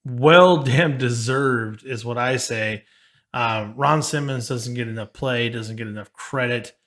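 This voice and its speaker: A man's voice: medium pitch, a little slow, fairly bright tone. Male podcast co-host reading from notes. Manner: casual, reads history from notes.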